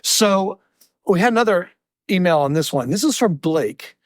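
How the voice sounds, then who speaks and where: Guy cohosting a podcast, kinda high voice, animated, stumbles and restarts a lot, dry close sound. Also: normal speed, no echo. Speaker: podcast co-host. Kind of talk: casual chat reading listener mail.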